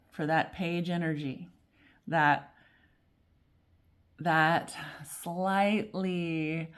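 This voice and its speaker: A woman giving a casual tarot reading at a table, talking in a rambling, chatty way full of fillers and restarts. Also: fairly low pitch. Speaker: tarot reader. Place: at a table at home.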